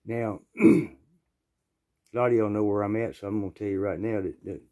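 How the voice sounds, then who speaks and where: Southern man, low-ish relaxed tone, folksy storyteller, clears his throat a lot. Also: fast talker. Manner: folksy, rambling, plainspoken. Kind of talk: casual storytelling.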